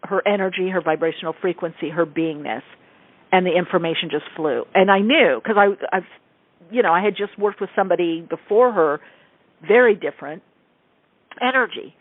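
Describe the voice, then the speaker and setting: A woman radio host and psychic medium, telling a spiritual story in casual talk and acting out quoted dialogue with animated shifts. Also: lowish voice, moderate pace, dry recording. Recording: tinny phone-like radio broadcast, dry.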